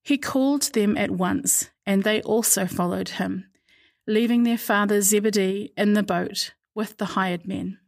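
Female scripture reader, mid pitch, calm measured delivery. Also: vocal fry. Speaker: Bible reader. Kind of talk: scripture reading.

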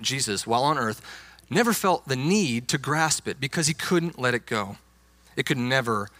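A man's voice: medium pitch, bright, forceful tone, no room sound. A young adult man, a youth pastor, preaching a sermon with emphatic, insistent stress on key words.

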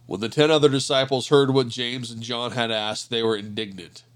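A man reading a Bible passage aloud in a measured, earnest narrating voice. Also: medium pitch, fairly even intonation. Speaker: scripture reader. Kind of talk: scripture reading.

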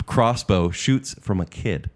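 A man co-hosting a casual podcast, telling history stories in a lively, playful way. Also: on the low side, slow pace. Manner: animated storyteller who acts out historical figures. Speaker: podcast co-host. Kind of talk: casual chat, storytelling.

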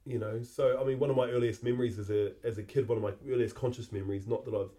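A middle-aged man, hosting a podcast and telling a personal memory in a halting, reflective way that often repeats words. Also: mid-range voice, fairly even intonation, warm tone. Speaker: podcast host.

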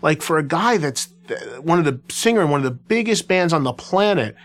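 A man's voice: on the high side, a little fast. A man who hosts a radio show, telling anecdotes in a loose conversational way, often restarting and filling with "you know.". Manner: animated anecdotal telling, filler-heavy with restarts. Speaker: radio host. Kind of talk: casual conversational storytelling.

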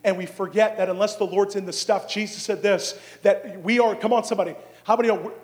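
A middle-aged man preaching a charismatic sermon, asking the crowd questions and swinging from hushed, drawn-out words to shouting. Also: high voice.

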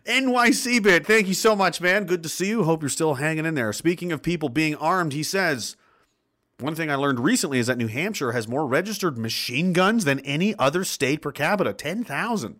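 Reading his chat aloud during a livestream, this Nova Scotian host talks a little fast in a slightly high voice. His casual rant is sarcastic and lively, full of swearing and frequent laughter.

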